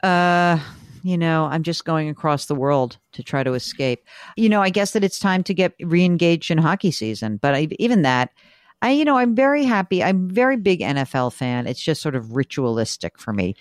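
Low-voiced joking woman host. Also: lively intonation, dry recording, studio quality. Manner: joking, chatty, brisk. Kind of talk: call-in money show chat.

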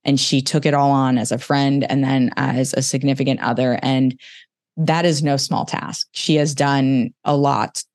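A podcast host in conversation, speaking candidly and emotionally, often in quick bursts. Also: mid-range voice, flat delivery, no room sound, clean studio sound.

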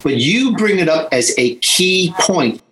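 Male interview host, fairly high voice, upbeat, pushing the book. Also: lively intonation, measured pace, fairly bright tone, rough recording. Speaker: podcast host. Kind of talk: interview hosting.

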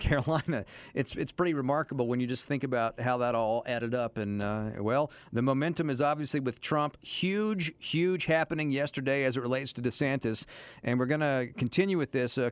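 A man's voice: medium pitch, dry recording. A man hosting a morning radio show, chatting casually about politics and chuckling between points. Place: radio studio.

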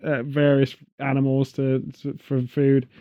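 A man's voice: mid-range voice, completely flat delivery, a little slow, mellow, smooth. A British man hosting a podcast, rambling and joking in casual chat with exaggerated tangents. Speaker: podcast host. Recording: dull lo-fi audio.

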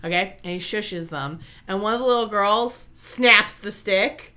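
A young adult woman casually retelling a movie plot to a co-host, talking in an animated way, full of "like" and "okay?". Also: medium pitch, a little slow. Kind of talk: casual chat.

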